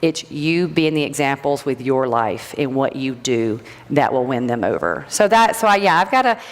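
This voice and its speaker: A woman's voice: very deep voice, lively intonation, normal speed. A middle-aged woman speaking casually to a live audience, chatty and rambling, often restarting her sentences. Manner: rambling, chatty, self-interrupting storyteller. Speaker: graduate speaker, natural health practitioner. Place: event hall. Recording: long hall reverb.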